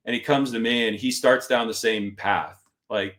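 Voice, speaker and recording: A man's voice: lowish voice, moderate pace, hardly any pauses. A middle-aged man telling a story in casual conversation as a podcast guest, animatedly acting out the voices of others. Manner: animated, acts out instructors' lines in quotes.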